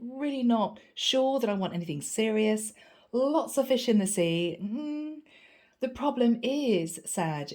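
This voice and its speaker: A woman with a gravelly voice from a cold, giving a chatty, animated tarot reading. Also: mid-range voice. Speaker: tarot reader. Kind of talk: casual spoken tarot reading.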